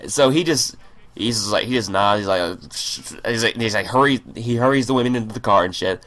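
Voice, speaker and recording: A man's voice: lowish voice, brisk, a bit bright. A man telling a story in a rambling, profane way over gameplay, stammering and restarting his sentences. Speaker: gaming channel host.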